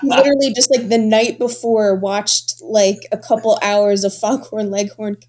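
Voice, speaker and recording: A podcast co-host with a mid-range voice tells stories animatedly at a moderate pace, acting out the quotes. It's a casual chat.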